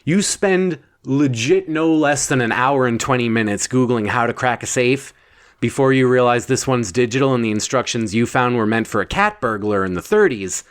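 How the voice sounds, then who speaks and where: A man telling an absurd second-person bedtime story in a deadpan, wandering way. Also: mid-range voice. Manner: slow, deadpan, wandering delivery.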